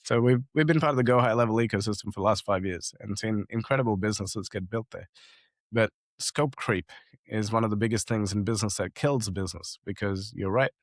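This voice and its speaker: A man's voice: lowish voice, fairly quick, no room sound, studio quality. Man telling business stories, acting out voices. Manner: animated storytelling, acts out quoted people. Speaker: guest entrepreneur. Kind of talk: conversational business advice. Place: home office with awards on wall.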